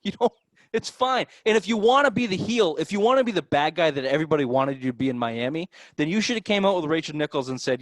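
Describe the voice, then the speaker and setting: Animated, profane Boston man, dry mic. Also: on the high side, fast talker, dry recording. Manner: animated, profane, rising to near-shouts when worked up. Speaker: sports podcast host. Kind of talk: casual sports banter.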